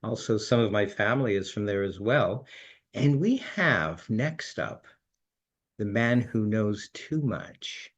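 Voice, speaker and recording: A man's voice: on the low side, animated, slow, slightly rough. A man hosts a magic show over video, with a chatty, easygoing patter. He talks through introductions with a few fillers. The sound is a bit dull and muffled. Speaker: host. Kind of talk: hosting an online magic show.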